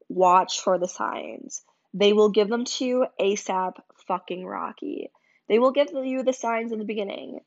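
A woman's voice: mid-range voice, gravelly, lo-fi sound. A young woman hosting a podcast, telling her own story in a candid, emotional way, swearing freely and filling with "like" and "um". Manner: emotional, confiding, swears, lots of "like" and "um". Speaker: podcast host.

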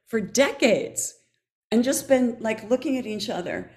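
Woman guest, animated storyteller, swings from loud to hushed, repeats lines for effect. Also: on the high side, moderate pace. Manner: expressive, swings between loud excitement and quiet, emphatic repetition. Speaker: interview guest.

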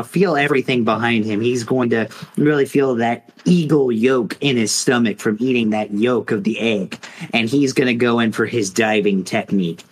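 On a podcast he co-hosts, a man with a husky, medium-pitched voice rambles through a mock fight, telling it casually and packing it with fillers. The audio quality is poor.

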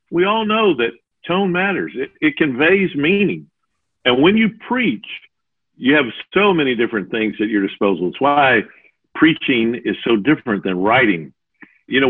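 A man in his sixties who mentors preachers, answering interview questions in an animated way and acting out the voices he quotes. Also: medium pitch, breathy edge. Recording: phone-like narrow audio.

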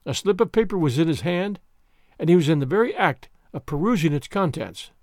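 A man narrating a classic novel in an expressive, dramatic reading. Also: on the high side, a little fast, no echo, studio quality. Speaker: audiobook narrator.

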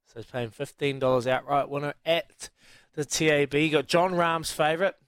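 A man's voice: a little high, normal speed, a bit bright, smooth, no echo. A man hosting a breakfast sports radio show, chatty and laughing often, repeating himself as he talks. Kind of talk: casual radio banter.

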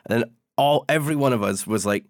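A man's voice: medium pitch, quick pace, dry recording, clean studio sound. Hesitant, rambling man. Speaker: podcast co-host. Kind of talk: casual chat.

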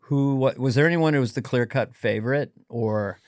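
A man chatting as a podcast guest, joking and swapping family stories in an animated way. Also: mid-range voice, dry recording, studio quality. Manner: animated, jokey, quick asides. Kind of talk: casual chat.

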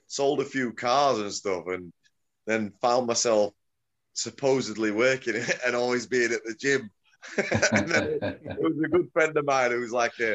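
A man's voice: on the low side, fairly bright tone, muffled recording. A middle-aged man, a combat-sports promoter chatting as an interview guest, rambling and correcting himself as he goes. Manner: rambling, self-correcting, chuckling. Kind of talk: casual interview chat.

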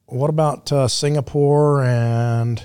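A man appearing as a podcast guest, telling war stories in a loose, profane, animated way. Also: mid-range voice, takes it slowly, smooth. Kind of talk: casual storytelling conversation.

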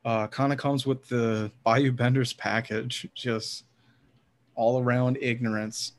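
A man's voice: medium pitch, level tone, takes it slowly. A man from New Orleans co-hosting a casual sports podcast, laughing often and swearing freely. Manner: laughing, loose and profane. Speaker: podcast co-host. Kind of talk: casual chat.

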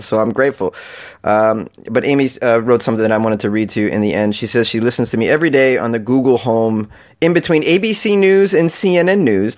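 Man, comedy news host, sarcastic, swears casually, mid pitch. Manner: sarcastic, swears casually, laughs at his own jokes. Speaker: podcast host.

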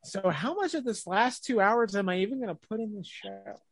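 A podcast host in casual chat with guests, playful and quick to laugh. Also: medium pitch, faint music behind.

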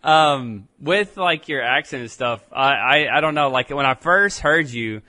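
Teasing man with a bright, dry voice. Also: medium pitch, lively intonation, unhurried, no echo. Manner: teasing, swearing, laughing. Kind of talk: casual chat.

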